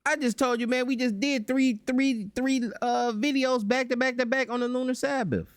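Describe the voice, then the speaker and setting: A man hosting a reaction commentary, animated and mocking, breaking into voices to make his points. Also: very high voice, normal speed, clean tone, no echo, clean studio sound. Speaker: channel host.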